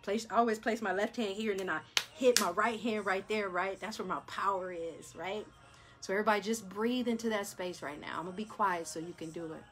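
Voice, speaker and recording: A woman hosting a chakra meditation session who talks in a chatty, excitable way and keeps turning to her listeners with questions. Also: medium pitch, noisy background. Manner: chatty, addresses listeners as y'all, repeats "right?"; gets hyped, then slows and softens for breathing. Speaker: wellness host leading a chakra meditation. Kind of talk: animated guided meditation talk.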